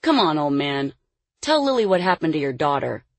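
A woman's voice: sits low, big pitch swings, moderate pace, dry recording, exaggerated voice. A woman reading the part of a cruel man who keeps a girl caged, snarling and taunting his threats. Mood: menacing. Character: cruel, menacing adult male captor in charge. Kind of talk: audiobook character voice.

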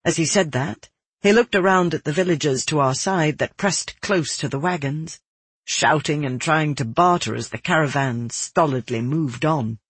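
A man reading a first-person story aloud in a steady, descriptive way. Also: a little high, normal speed, breathy edge, no room sound. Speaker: audiobook narrator. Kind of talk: scripted first-person narration.

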